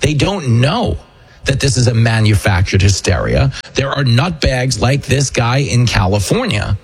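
Host, male, New York accent, husky, mid pitch, sarcastic monologue delivery. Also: big pitch swings, unhurried. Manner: mocking, acts out quotes in a shrill high voice. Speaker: show host. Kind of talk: political commentary monologue.

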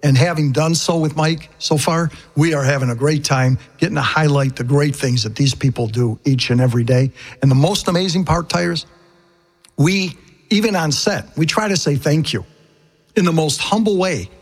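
A man's voice: a little high, normal speed, slightly rough, long reverb tail. A man speaking as a guest, earnest and heartfelt. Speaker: guest, show co-host. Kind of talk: casual radio interview.

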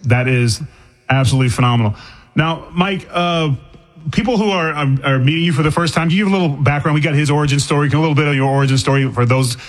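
Quick-talking, chatty radio host from Boston. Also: male voice, a little high. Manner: chatty, stumbling restarts. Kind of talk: casual radio interview.

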